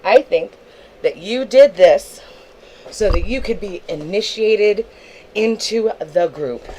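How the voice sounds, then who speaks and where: Slowly and in a warm, medium-pitched voice, a young woman angrily goes after another streamer on her livestream. She is profane and confrontational throughout, and the rough recording has a bit of hiss or hum.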